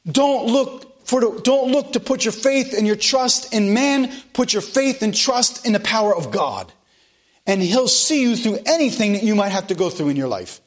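A man preaching a sermon in an earnest, emphatic way, repeating phrases to drive points home. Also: high voice. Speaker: pastor.

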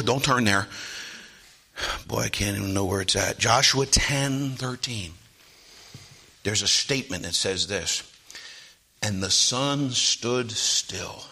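A man preaching a sermon in a church, swinging from soft asides to shouted lines. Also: mid-range voice, husky.

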